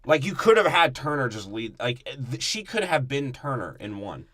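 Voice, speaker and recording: A man's voice: mid-range voice, big pitch swings, normal speed, a bit bright, dry recording, studio quality. A man co-hosting a podcast, breaking down a movie in a crude, profane and mocking way. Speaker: podcast co-host.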